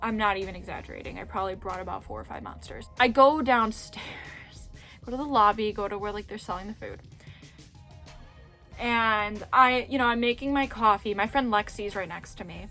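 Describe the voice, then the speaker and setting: A young adult woman vlogger telling a story in casual chat, animated and chatty, swearing freely and acting out what people said. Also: mid-range voice, a little fast, soft background music.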